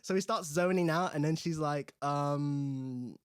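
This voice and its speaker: A young man hosting a casual film review, chatty and animated, acting out the characters' lines. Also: a little high, measured pace, clean tone, no room sound, clean studio sound. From England. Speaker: host.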